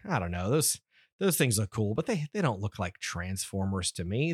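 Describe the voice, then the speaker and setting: A man in his thirties hosts a podcast of casual, nerdy chat, rambling along with plenty of fillers and restarts. His lowish voice is expressive and brisk, captured with clean studio quality and no room sound.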